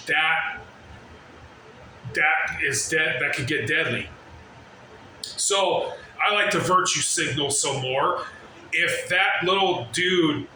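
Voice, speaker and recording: A man's voice: fairly high pitch, bright, forceful tone. A man ranting in a brash, constantly swearing way in a reaction video, drifting off on tangents. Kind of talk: profane rambling reaction rant. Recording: very echoey room, slight noise.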